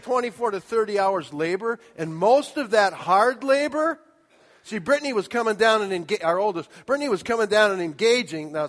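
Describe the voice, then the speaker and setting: A middle-aged man preaching a sermon, telling a personal story and acting out scenes with sudden shouts and asides. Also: sits high. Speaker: pastor. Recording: long hall reverb.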